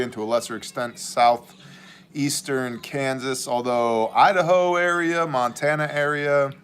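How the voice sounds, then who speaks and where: A man's voice: medium pitch, fairly bright tone, smooth. A man hosting a casual livestream, reading viewer messages and joking around in a rambling way. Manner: joking, rambling, drifts into mock voices. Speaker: livestream host and ministry leader.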